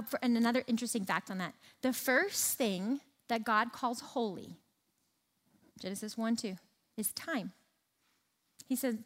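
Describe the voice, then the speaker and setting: A high-voiced woman delivers a sermon with emphatic, rhythmic repetition. Her voice carries a long reverb, as in a large hall. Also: a bit bright. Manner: emphatic, repeats phrases for rhythm. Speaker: speaker at a church teaching session.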